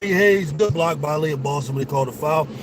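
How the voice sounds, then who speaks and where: Excitable man calling a game live. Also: on the high side, a little fast, music in the background. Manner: excitable, profane, talks straight to viewers. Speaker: sports show host. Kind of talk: casual live watch-along commentary.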